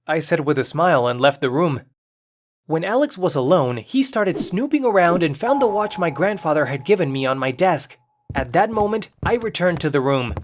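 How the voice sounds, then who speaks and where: A narrator telling a first-person story in an even, clearly paced storytime narration. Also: medium pitch, normal speed, slight background noise.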